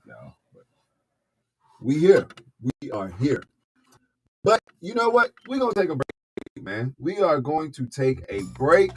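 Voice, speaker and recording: A man co-hosts a casual show with playful, joking banter. He speaks in a middle-pitched voice. Faint music plays in the background. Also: poor audio. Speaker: co-host of a talk show.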